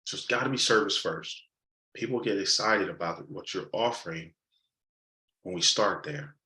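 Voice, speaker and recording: A sales coach with a low-pitched voice runs a live training session at a moderate pace, animatedly acting out customer dialogues and repeating key points for emphasis. The recording carries a roomy echo.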